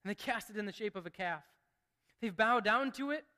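A preacher voices God as a stern, grave presence, speaking low and hushed. His tone stays bright and high under the quiet. A long hall reverb trails each line. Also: fairly quick. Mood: solemn.

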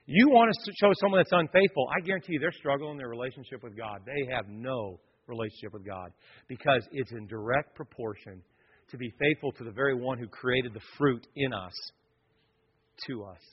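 A man's voice: mid-range voice, a little fast, breathy edge, muffled recording. A man preaching a sermon, telling personal stories with joking asides to the congregation. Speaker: pastor.

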